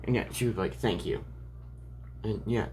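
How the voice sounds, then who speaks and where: A man's voice: lowish voice, moderate pace, noisy background. A man improvising a fan story aloud, rambling and restarting often between lines.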